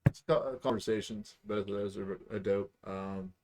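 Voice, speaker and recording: A man's voice: lowish voice, fairly even intonation, moderate pace, background noise. A young man co-hosting a comedy podcast, laid back and chiming in with short jokes. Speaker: podcast co-host. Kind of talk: casual comedic chat.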